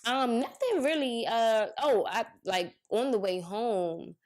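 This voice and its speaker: Young woman podcast co-host, casual slangy storyteller, lively quoting. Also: fairly high pitch, takes it slowly. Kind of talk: casual chat.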